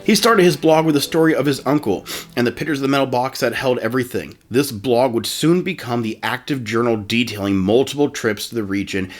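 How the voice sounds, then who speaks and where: A man's voice: medium pitch, brisk, faint music behind. A man hosting a podcast, reading a story aloud in a casual way and stopping often to laugh. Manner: reads a story aloud, laughs often, tries put-on narrator voices. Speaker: podcast host.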